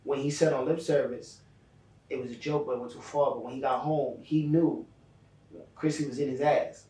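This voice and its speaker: A man's voice: mid-range voice, fairly even intonation, normal speed, warm tone. A man who DJs, co-hosting a casual podcast chat, rambling through profane stories. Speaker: DJ and co-host. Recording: echoey room, distant mic.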